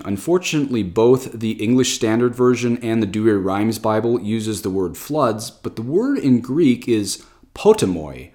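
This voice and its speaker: A man reading the gospel and explaining Greek and Latin words, as a priest in a slow, deliberate teaching manner. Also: deep voice, darkish tone. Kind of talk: gospel reading and scripture commentary.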